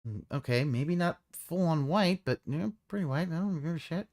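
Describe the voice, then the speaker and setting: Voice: mid-range voice, lively intonation, moderate pace, darkish tone. A live streamer giving casual reaction commentary, sarcastic and swearing freely, often trailing off and restarting mid-sentence.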